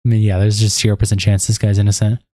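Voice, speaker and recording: A man working as an online commentator, reading messages and statements aloud in a plain, steady way. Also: fairly low pitch, fast talker, no echo.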